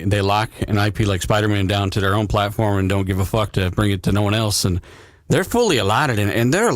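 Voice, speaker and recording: A man's voice: lowish voice, dry recording, studio quality. A man ranting heatedly and swearing as a guest on a live gaming stream. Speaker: guest commentator. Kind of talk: casual live stream discussion.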